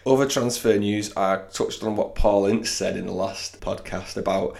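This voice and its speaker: A man's voice: fairly low pitch, normal speed, vocal fry, darkish tone. A man co-hosting a casual football podcast, bantering with a friend, laughing and swearing now and then. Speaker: podcast co-host.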